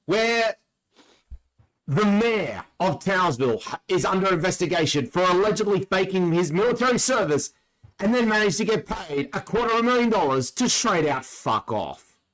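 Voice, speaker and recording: A man co-hosts a casual podcast, his voice sitting fairly high. He jokes wryly and laughs often as he talks. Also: big pitch swings, moderate pace, fairly bright tone, rough recording. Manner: laughing, wry, joking. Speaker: podcast co-host.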